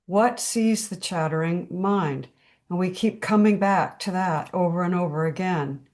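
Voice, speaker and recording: A woman hosting a spiritual discussion on a video call, speaking calmly and measuredly and repeating her key phrases. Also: lowish voice.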